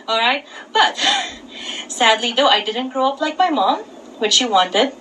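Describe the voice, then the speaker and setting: Lively high-voiced woman doing stand-up. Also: unhurried. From Philippines. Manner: deadpan punchlines, laughs at own jokes. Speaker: stand-up comedian. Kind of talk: stand-up set. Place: comedy club stage. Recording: distant mic with audible noise.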